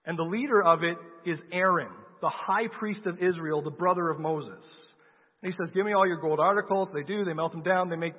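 This sermon comes from a man with a slightly high, breathy-edged voice and a moderate pace. He tells a Bible story conversationally and asks his listeners questions, captured on lo-fi, phone-like audio with long hall reverb.

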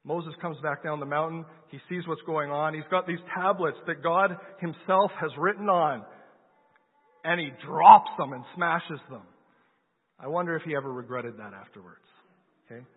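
Husky man preaching in an echoing hall. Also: fairly high pitch, normal speed. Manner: conversational storytelling, asks the audience questions. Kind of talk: sermon. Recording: lo-fi phone-like sound with long hall reverb.

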